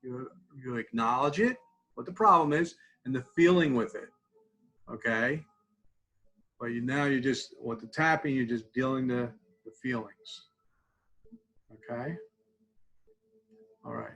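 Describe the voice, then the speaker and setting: Man leading a relaxed coping-skills webinar. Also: medium pitch, a little slow, long pauses, rough recording. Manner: conversational, tags lines with "okay?"; guides tapping and mindfulness exercises. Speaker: student support clinician. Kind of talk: live counseling webinar.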